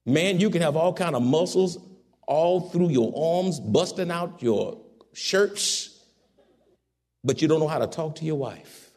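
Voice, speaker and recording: A man delivers a sermon in a gravelly, slightly higher voice. His pitch swings widely as he moves from fervent, ringing exhortation to quiet, low-spoken asides. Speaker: preacher.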